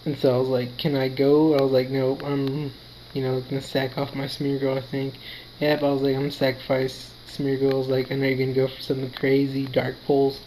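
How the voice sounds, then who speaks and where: Tired male gamer narrating a battle in an even, mid-pitched voice, quick relaxed delivery. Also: a little hiss or hum, poor audio. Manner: quick, relaxed play-by-play, quotes his own thoughts. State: tired, yawning. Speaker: gaming commentator. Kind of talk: casual battle commentary.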